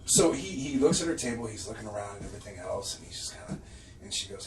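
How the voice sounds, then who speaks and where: A fairly low-pitched man talks fast as one of the co-hosts of a casual podcast, full of profanity, animated storytelling, and regular laughter. The room is echoey, the mic is distant, and there's faint noise.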